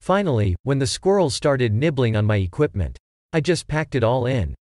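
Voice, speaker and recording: A man's voice: mid-range voice, sing-song, normal speed, darkish tone, no room sound, studio quality, lightly acted. A man voicing an earnest, long-winded male baby photographer in a read-aloud joke, talking matter-of-factly like a salesman.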